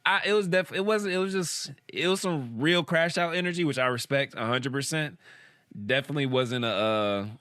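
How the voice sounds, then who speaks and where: A man hosting a podcast in casual, animated chat, often restarting his sentences. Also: on the high side, normal speed, clear, resonant tone, no echo, clean studio sound. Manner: animated, talks through restarts and laughs. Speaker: podcast host.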